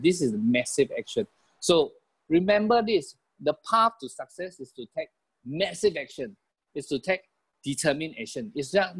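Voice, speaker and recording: A man with a Malaysian English accent giving a motivational business talk over a video call, animated, chuckling and repeating key phrases. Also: fairly high pitch, breathy edge.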